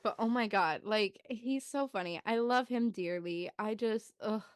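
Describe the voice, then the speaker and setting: A young woman in her twenties co-hosting a podcast. She tells a story in a loose, chatty way, full of "like"s, and acts out the children's voices with big jumps in pitch. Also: measured pace, clean tone, dry recording, clean studio sound. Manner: loose, chatty telling with many "like"s. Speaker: podcast co-host. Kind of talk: casual storytelling chat.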